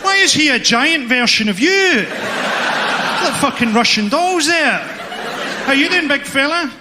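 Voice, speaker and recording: A man with a very high, animated voice works the crowd at a comedy club at a measured pace, hurling sardonic insults at the front row. The recording is very noisy, with the echo of the club hall and roaring crowd laughter behind him.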